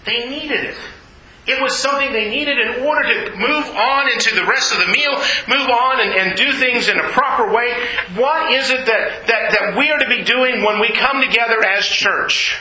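Male pastor, animated sermon delivery, high voice, roomy church acoustics. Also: normal speed. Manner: animated preaching, acts out voices in Bible scenes.

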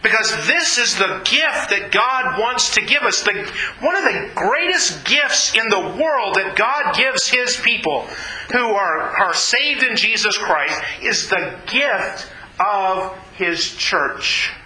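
A man's voice: high voice, animated, slow pace, bright, forceful tone, echoey room, low-quality recording. A man preaching a sermon in an earnest, conversational way, often repeating his phrases. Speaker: pastor.

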